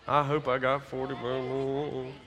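A man, a youth pastor giving a folksy, energetic closing talk to his youth group. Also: mid-range voice, a little slow.

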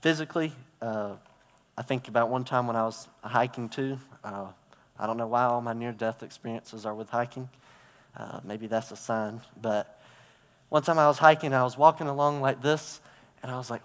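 Fairly quick and fairly even in intonation, this preacher's medium-pitched voice echoes through a reverberant hall. He keeps his church sermon conversational, weaving in stories and playing out roles with gestures and props.

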